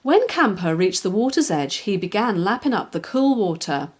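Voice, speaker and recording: A woman, a children's author, reading her own picture book aloud in a lively, expressive storytelling way. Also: medium pitch, moderate pace, a little hiss or hum.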